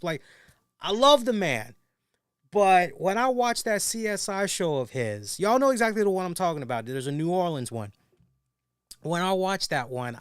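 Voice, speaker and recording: Male host, fairly high voice, close and dry sound; lively direct-to-camera wrestling recap. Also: clean tone, no echo. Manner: animated, talks straight to viewers, restarts often. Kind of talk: casual review commentary.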